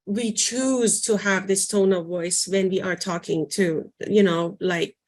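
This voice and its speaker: A woman leads a workshop in a relaxed, conversational teaching voice. She often pauses and reaches for words, filling the gaps with small hesitations. Her pitch sits in an ordinary middle range. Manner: conversational, searching for words with frequent fillers. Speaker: workshop presenter. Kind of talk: informal teaching talk.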